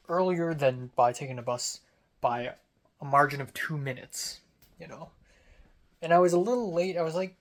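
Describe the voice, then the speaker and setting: A young man telling about his day in a casual diary vlog, rambling with many fillers and restarts. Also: medium pitch. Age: young adult. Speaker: vlogger.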